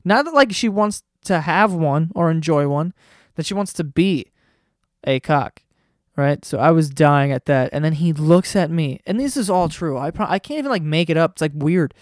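A man hosting a comedy podcast, telling a story in a casual, excitable way, swearing often and breaking into laughter. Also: a little high, normal speed, dry recording, studio quality.

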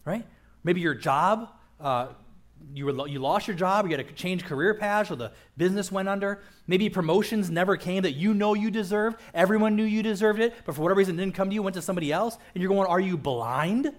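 In a church auditorium, a man with a high voice preaches a conversational sermon as pastor, talking fast. He jokes and frequently checks in with the crowd by asking "right?"

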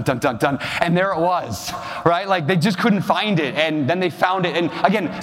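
Male speaker, slightly raised pitch, heartfelt stories, reverberant auditorium. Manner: personal, emotional storytelling with audience questions. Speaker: real estate investor giving a talk. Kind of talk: storytelling keynote to a live audience. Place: large hall with an audience. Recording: long hall reverb.

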